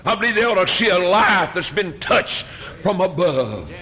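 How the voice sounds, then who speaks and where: A middle-aged man preaching a fiery storytelling sermon, moving from hushed tales to shouted exhortation. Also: sits high, animated, moderate pace.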